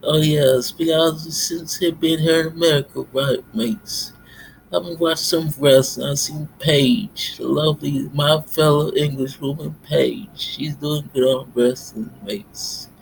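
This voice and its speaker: A man rambling in a monologue, tacking "mates" onto nearly every phrase in a halting, repetitive delivery. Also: fairly high pitch, fairly even intonation, creaky, slight background noise. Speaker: self-styled pastor vlogger.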